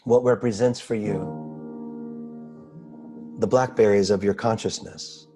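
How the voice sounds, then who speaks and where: Man guiding a slow meditation. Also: lowish voice, steady tone, over music. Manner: slow, pausing, gently questioning. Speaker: spiritual teacher. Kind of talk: guided meditation. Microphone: video call.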